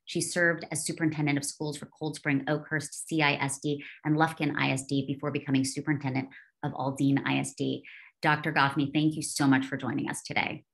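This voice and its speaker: A woman's voice: low voice, little pitch movement, gravelly. A woman emceeing a virtual event, reading a formal introduction of a guest over a video call. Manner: brisk, formal.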